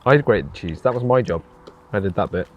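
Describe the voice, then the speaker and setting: A man's voice: fairly low pitch, expressive, brisk, muffled recording, noisy background. A man hosting and filming outdoors on a fishing bank, teasing his wife with casual jokes. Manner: teasing, joking. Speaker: channel host filming. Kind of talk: casual banter.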